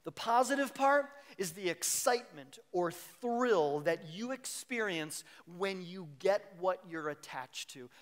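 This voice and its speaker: A man preaching a sermon as pastor, animated and expressive, often acting out the worried voices of his listeners. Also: sits high, measured pace, few pauses.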